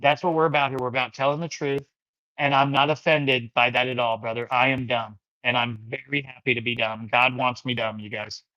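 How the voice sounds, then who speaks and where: Man, stream host, casual chat, easygoing, mid-pitched voice, dull lo-fi audio. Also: little pitch movement, a little fast, pushed and bright, no room sound. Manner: easygoing, addresses viewers as you guys and brother. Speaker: livestream fellowship host. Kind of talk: casual chat reading viewer comments.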